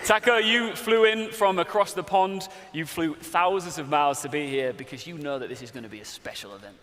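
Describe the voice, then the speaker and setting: A man's voice: a little high, a little fast, a bit bright. A man hosting a live esports broadcast in a large historic hall, upbeat and playful as he hypes the crowd. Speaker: event host. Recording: echoey hall with long reverb.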